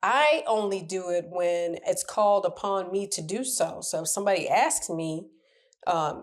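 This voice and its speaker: A woman's voice: on the low side, a little slow. A woman coaching on relationships, talking candidly and animatedly to camera in a casual advice chat. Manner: candid, animated, laughs at her own stories.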